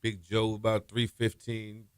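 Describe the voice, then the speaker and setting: A man, a former quarterback, telling stories in a radio interview, relaxed and trailing off softly. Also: on the low side, unhurried, clean tone, no echo, studio quality. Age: 50s. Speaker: former college quarterback guest. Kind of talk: interview storytelling. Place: radio studio.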